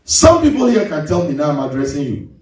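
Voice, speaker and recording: A man preaching a sermon as pastor, swinging his pitch sharply and mimicking congregants. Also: very animated, fairly quick, darkish tone. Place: large church hall. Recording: echoey hall, mic at a distance.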